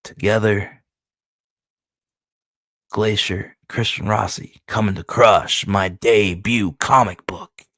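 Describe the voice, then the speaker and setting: A man with a low, gravelly voice talks loosely through the pages of his comic. He is excitable and swears freely. The sound is dry and close. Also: slow, pauses often, no echo. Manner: loose, profane, excitable retelling. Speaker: comic book creator. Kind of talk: casual commentary walking through his comic.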